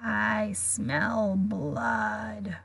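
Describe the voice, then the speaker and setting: A woman voicing a cold, murderous, disembodied monster, slow and hissing. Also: medium pitch, sing-song, creaky, a bit bright, slightly rough, no room sound, clean studio sound, exaggerated voice. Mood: menacing.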